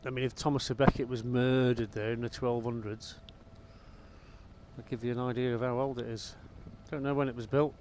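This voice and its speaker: A man's voice: mid-range voice, flat delivery, brisk, darkish tone, a little hiss or hum. A man giving casual, rambling commentary while flying a helicopter in a VR game, with wry asides. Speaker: gamer flying a VR helicopter sim.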